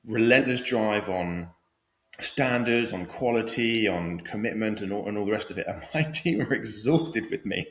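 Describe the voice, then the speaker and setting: A man co-hosting a podcast interview, talking in an animated, self-mocking way. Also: mid-range voice, normal speed, reverberant. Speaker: podcast co-host.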